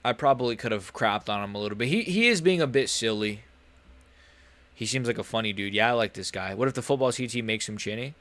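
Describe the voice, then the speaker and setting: A man's voice: fairly low pitch, expressive, fast, fairly bright tone. A man hosting a live stream, reacting to fights in a rambling, joking way full of slang.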